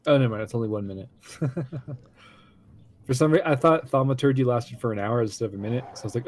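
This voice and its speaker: A man playing a tabletop game over voice chat, quick and joking. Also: medium pitch, a little mellow. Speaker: player.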